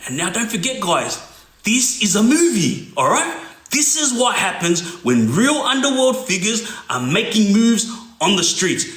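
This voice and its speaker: In this storytelling monologue, a middle-aged former gang member speaks casually and keeps asking "yeah?" as he goes. His high-sitting voice is sing-song and a bit bright, delivered at an unhurried pace, and the room around him echoes.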